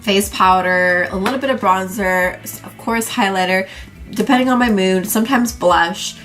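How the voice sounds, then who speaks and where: A woman's voice: medium pitch, normal speed, a bit bright, faint music behind. A young woman vlogger, a little congested, chatting through her everyday makeup routine in a rambling casual way with lots of fillers. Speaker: beauty vlogger. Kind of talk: casual makeup tutorial chat.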